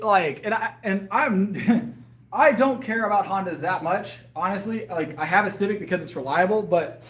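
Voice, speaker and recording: A man with a fairly high voice chats loosely with his live viewers, trailing off and restarting with plenty of ums and uhs. His voice sounds a little worn, and he is outdoors in a yard. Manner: rambling, hesitant, lots of fillers and restarts. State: voice getting worn. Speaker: livestreamer and powerlifter. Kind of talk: casual live chat with viewers.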